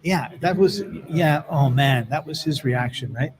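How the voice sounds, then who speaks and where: A man's voice: a little high, a little slow, noisy background. A middle-aged man hosting a casual podcast conversation, telling stories in a chatty way full of "like" and "right?". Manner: chatty storyteller with many "like" and "right?" fillers.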